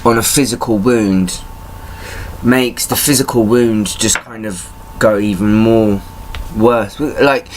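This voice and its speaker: A man's voice: lowish voice, fairly even intonation, takes it slowly, a little hiss or hum. A man in pain venting in a personal vlog, angry and swearing, his rants rising in heat. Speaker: vlogger.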